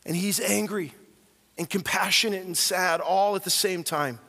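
At a moderate pace, a pastor delivers a sermon in a bright, fairly high voice, earnest and emphatic. He moves between quiet asides and powerful declarations as the story unfolds, his words ringing through a large, reverberant sanctuary.

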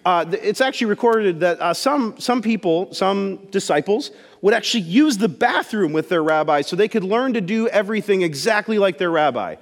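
In a church sanctuary with a long reverb tail, a man with a high voice preaches casually at normal speed and with few pauses. The pastor animates his story with acted-out voices and jokes aimed at the congregation.

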